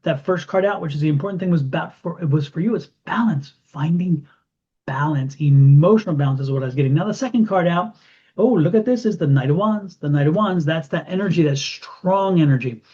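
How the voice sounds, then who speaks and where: A man giving an intuitive tarot reading to camera, animated and repeating phrases for emphasis. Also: on the high side, fairly quick, breathy edge. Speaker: tarot reader. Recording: dull lo-fi sound.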